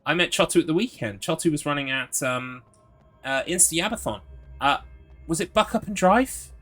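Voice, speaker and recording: A man's voice: fairly high pitch, normal speed, sharp tone, faint music behind. A man streaming a game live, chatting in an upbeat way, reading chat aloud and laughing often.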